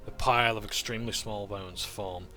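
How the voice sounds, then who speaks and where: A man's voice: lowish voice, steady tone, normal speed, music in the background. A man recapping a tabletop game session as game master, narrating events and dice rolls.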